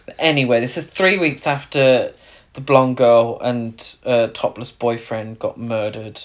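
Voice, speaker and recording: Co-host of middling pitch, fed up and swearing while picking apart a film. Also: fairly even intonation, measured pace. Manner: exasperated, sweary, rambling with restarts. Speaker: podcast co-host reviewing a film. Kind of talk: casual chat.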